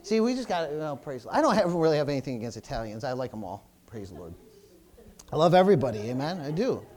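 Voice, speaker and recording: A man in his forties preaching a sermon to a congregation as pastor, animated and conversational, peppering his talk with praise interjections. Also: a little high, fast. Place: church before a congregation.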